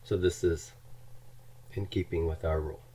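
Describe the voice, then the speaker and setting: A man with a very deep, low-pitched voice gives a recorded grammar lecture. He explains patiently, walking through word forms one by one and repeating them aloud for his students. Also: fairly even intonation, moderate pace, dark tone, a little hiss or hum. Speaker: Greek teacher.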